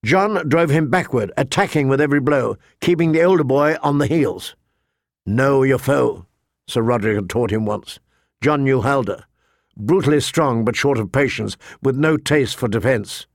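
Reading from a fantasy novel, a man narrates the audiobook in an even, measured manner. His pitch is medium, and the recording is dry and of studio quality.

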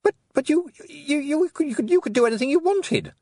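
Male narrator voicing a flustered boy heir, stammering, high and strained. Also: wildly swooping pitch, moderate pace, dry recording, clean studio sound, exaggerated voice. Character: nervous young nobleman's son, boy.

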